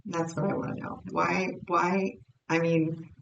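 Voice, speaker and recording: A woman's voice: fairly low pitch, flat delivery, a little slow, creaky, echoey room, recorded from a distance, lo-fi sound. Woman, tarot reader, casual and rambling, off-mic, faint background noise. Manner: rambling, self-interrupting, thinking aloud. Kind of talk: casual tarot reading to camera.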